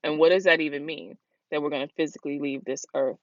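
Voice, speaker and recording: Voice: mid-range voice, fairly even intonation, fast, dry recording. A podcast host talking casually in a solo monologue, rambling and candid, with lots of "like" and "you know". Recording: dull, muffled, dry sound.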